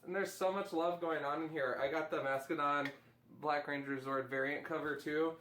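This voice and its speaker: A man's voice: fairly high pitch, fairly even intonation, normal speed, sharp tone, echoey room, slight background noise. A man hosting a casual chat, enthusiastically rambling through comic reviews. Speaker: host.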